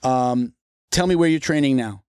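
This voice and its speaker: A man's voice: mid-range voice, normal speed, darkish tone, smooth, dry recording, clean studio sound. A man hosting a podcast, chatting casually and joking, often restarting his sentences. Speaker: podcast host.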